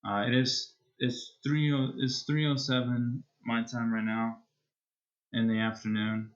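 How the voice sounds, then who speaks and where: A man's voice: medium pitch, flat delivery, a little slow, muffled recording. A man streamer chatting casually as he wraps up a live game stream, rambling and hesitant with many restarts.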